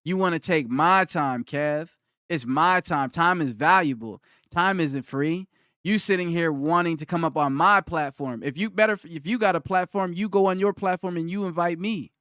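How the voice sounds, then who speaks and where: High-pitched guy ranting at his stream chat, mocking and combative, keeps repeating himself, dry sound. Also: moderate pace, fairly bright tone, no echo. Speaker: livestreamer. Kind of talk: livestream rant answering chat.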